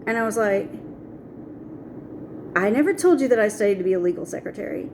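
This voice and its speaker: Middle-aged woman retelling weird stuff that happened to her, acts out the quotes, mellow voice, bit of hiss behind. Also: mid-range voice, animated, quick pace, pauses often. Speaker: vlogger. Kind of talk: personal storytelling.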